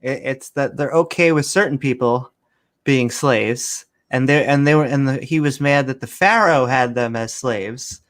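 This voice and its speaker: A man's voice: mid-range voice, a little slow. A man hosting a casual podcast chat, rambling and acting out scenes with voices. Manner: rambling, animated retelling with voices. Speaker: podcast host.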